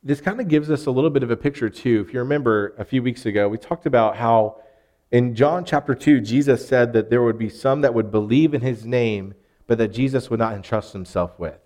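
Southern pastor guy preaching, earnest and chatty, voice neither high nor low. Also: a little fast, darkish tone. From Arkansas. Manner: earnest and conversational, with frequent restarts and rising emphasis. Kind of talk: sermon.

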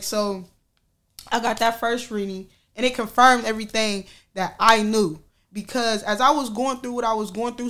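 A woman's voice: medium pitch, fairly bright tone. A woman telling viewers a personal story in a frank, slangy, profane way, laughing often. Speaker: vlogger sharing a personal story. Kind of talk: candid casual storytelling to viewers.

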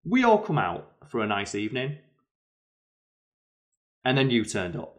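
A man voicing a patient but firm woman who calmly tells off a loud drunk. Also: lowish voice, close to an everyday voice. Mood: stern. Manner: firm, measured telling-off.

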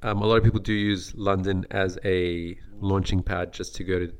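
A man's voice: low-pitched, level tone, moderate pace, clean tone. A young Australian man from Western Sydney, co-hosting a casual podcast chat, blunt and opinionated. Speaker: podcast co-host.

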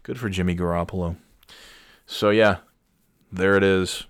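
A man's voice: low voice, steady tone, unhurried, smooth, no room sound, clean studio sound. A man hosting a casual solo podcast, signing off in a rambling, sarcastic and crude way with mock-sincere pep talk. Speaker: podcast host. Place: at home on a Sunday night.

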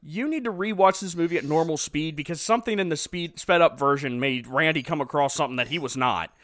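This is a man with a high, bright, forceful voice, recapping a movie in casual chat. He tells the story animatedly and laughs often. The sound is close and dry, with no room echo. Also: quick pace. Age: adult father.

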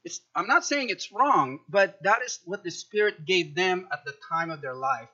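A man preaching a sermon, animated, often repeating words and acting out quoted speech with sudden loud jumps. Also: sits high, moderate pace, highs cut off. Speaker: pastor.

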